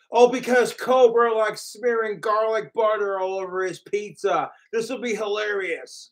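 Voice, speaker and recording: Male livestreamer, high pitched, unhurried delivery; profane, mocking third-person rant aimed at his trolls. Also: fairly even intonation, rough recording. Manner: mimics his trolls in sneering voices. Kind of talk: ranting livestream talk.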